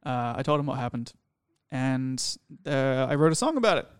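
A young man recounts a personal story in a rambling, candid way, swearing freely. His voice is smooth and resonant, and the sound is close and dry with no room echo. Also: medium pitch, lively intonation, normal speed. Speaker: podcast guest storyteller.

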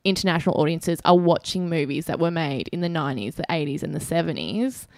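A woman's voice: deep voice, animated, fast, darkish tone, dry recording, studio quality. An Australian woman co-hosting a podcast, giving frank opinions in casual chat and laughing easily. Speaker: podcast co-host.

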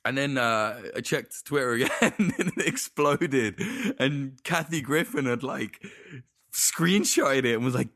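A man's voice: medium pitch, normal speed, fairly bright tone, dry recording, studio quality. A man in casual podcast chat, telling stories in a rambling, profane way full of false starts.

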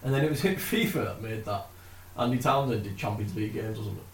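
A man co-hosting a casual football podcast, telling stories with animated delivery and dry put-downs. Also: lowish voice, quick pace. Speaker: podcast co-host. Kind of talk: casual chat. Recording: echoey room, distant mic, faint noise.

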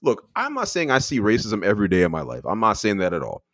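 A man's voice: on the low side, wildly swooping pitch, quick pace, a bit bright, dry recording, studio quality. A Canadian man guesting on a podcast, talking candidly and emphatically, swearing freely. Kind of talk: casual chat.

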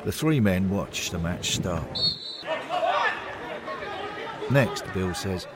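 A man narrating a scripted story in an unhurried, expressive way. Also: low voice, over loud music, a loud crowd.

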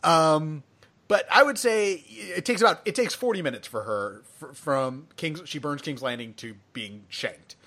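A man hosting a podcast in casual chat, animated and acting out characters' lines. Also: fairly high pitch, a little slow. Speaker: podcast host.

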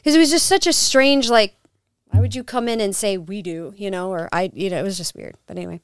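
Woman guest, smooth clear voice, dry close sound, lively storyteller voicing quotes. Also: medium pitch, a little fast, no echo. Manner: animated, acts out quotes. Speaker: guest, paranormal investigator. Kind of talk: casual storytelling.

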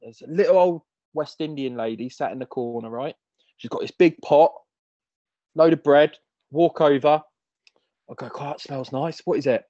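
A man's voice: on the high side, normal speed, long pauses, warm tone, dry recording, highs cut off. A man hosting a podcast, chatting casually with matey banter. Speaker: podcast host. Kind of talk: casual chat.

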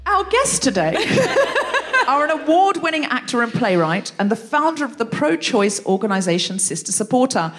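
A woman hosting a live comedy podcast on stage, telling stories in an animated way and laughing often. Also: sits high, normal speed, soft background music. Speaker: host. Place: live stage before an audience. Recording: live stage recording with audience noise.

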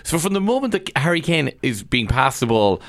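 A man's voice: medium pitch, big pitch swings, fairly quick, a bit bright, no echo, clean studio sound. A man co-hosting a podcast, chatting in a playful, jokey way. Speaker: podcast co-host. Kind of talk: casual chat.

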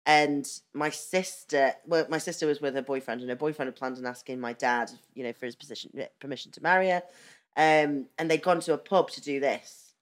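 Low-voiced woman telling a story. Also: brisk. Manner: lively, animated storyteller with frequent restarts. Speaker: podcast guest. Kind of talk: casual storytelling chat.

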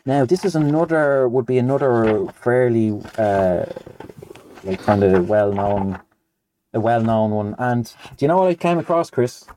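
A man's voice: mid-range voice, a little slow, a little hiss or hum. A man co-hosting a casual show, chatting playfully and then reading a nonsense poem aloud. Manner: lively, playful.

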